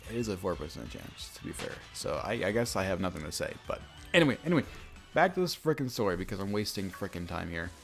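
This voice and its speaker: A young man with a deep, low voice that often drops into gravelly fry, talking casually while he plays a game. He rambles and interrupts himself, stacking fillers and restarts as he tells a story, with faint game music underneath. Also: big pitch swings, quick pace, a bit bright. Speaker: gaming YouTuber. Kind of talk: casual let's-play chat with storytelling.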